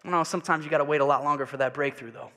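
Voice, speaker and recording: A male pastor preaching a sermon, swinging from loud passionate preaching to quiet confiding asides and leading the congregation in call and response. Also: on the high side, steady tone, racing, big-room sound. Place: church sanctuary.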